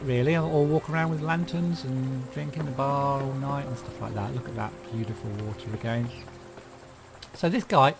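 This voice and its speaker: A man hosting a gameplay video, chatting in a relaxed way with frequent fillers. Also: medium pitch. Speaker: gaming video host. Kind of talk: casual gameplay commentary.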